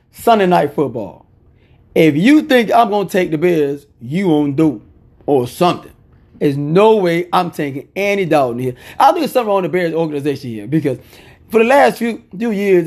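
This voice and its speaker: Man, gravelly, fairly high voice, casual football picks, opinionated, repeats himself for emphasis. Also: darkish tone. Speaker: sports picks commentator.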